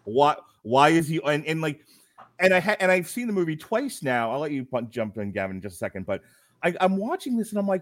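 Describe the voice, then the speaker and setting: Animated man reviewing a film. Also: medium pitch, a little fast. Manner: animated, laughing, acts out quotes. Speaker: podcast co-host. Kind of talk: casual film review chat.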